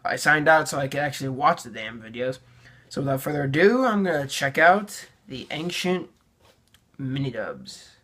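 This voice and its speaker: A teenager talks through a casual reaction video, poking fun at their own early work with dry sarcasm. The voice sits at an everyday middle pitch, and the delivery is loose and full of fillers and restarts. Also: a little fast, a bit bright. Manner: sarcastic, self-mocking, many fillers. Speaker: YouTuber reviewing own old videos.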